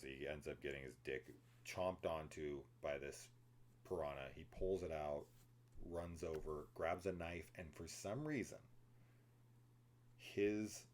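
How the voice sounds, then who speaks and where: A man with an extremely deep voice hosts a casual horror film spoiler discussion. He rambles through his opinions, swears freely and drifts into tangents. His delivery is loose and unscripted. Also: a little hiss or hum. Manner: laughs and mimics characters while telling the plot. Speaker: film review podcast host.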